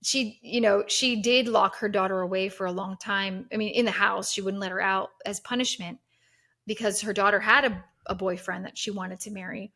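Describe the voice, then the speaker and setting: A woman's voice: medium pitch, a bit bright. A woman hosting a podcast, retelling a history story in casual chat with many fillers and restarts. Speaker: podcast host.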